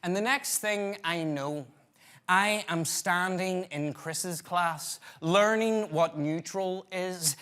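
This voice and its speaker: A man's voice: high-pitched, slow, a bit bright, smooth. A man performing a comic solo theatre monologue, telling a wry story with punchlines.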